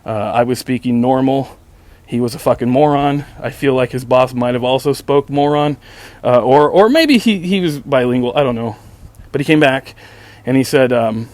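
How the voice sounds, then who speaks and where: An expressive man speaks at medium pitch and a moderate pace, with no room sound. On his own podcast he tells a casual story, sarcastic, exasperated and profane, and keeps restarting his sentences with repetitive stammers.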